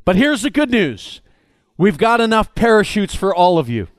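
A man voicing a weary, blunt airplane pilot who delivers bad news flatly. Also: high-pitched, moderate pace, no echo. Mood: grim.

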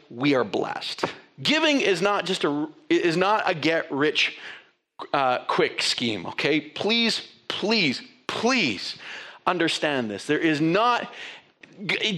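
Speaking to his congregation, a fairly high-voiced pastor delivers an energetic, conversational sermon full of restarts and digressions.

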